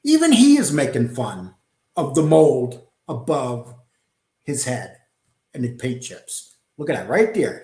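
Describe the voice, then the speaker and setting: A man's voice: mid-range voice, very animated, a little slow, warm tone. A man hosting reaction commentary in a scornful, dismissive way. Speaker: commentary channel host. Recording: echoey room.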